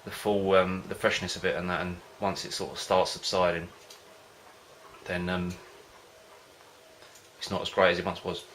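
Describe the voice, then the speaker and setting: A man with a low, steady voice that stays in a narrow band, and a bright, forward tone. He chats casually to camera as a home-brewing vlogger, rambling and hesitating as he goes. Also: normal speed, long pauses, slight background noise. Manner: rambling, hesitant, loses his thread.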